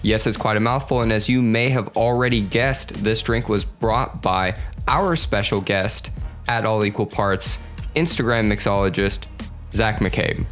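A man's voice: lowish voice, unhurried, fairly bright tone, faint music behind. A man hosting a podcast in a studio, upbeat and joking as he runs the show. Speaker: podcast host. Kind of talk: casual chat.

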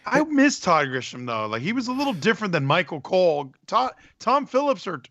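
A man co-hosts a podcast in easygoing chat, playful and quick to mimic others. His voice is bright and a little high, and it swings widely in pitch. The recording is dry and close. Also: sing-song, dry recording, dull audio. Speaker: podcast co-host. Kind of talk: casual chat.

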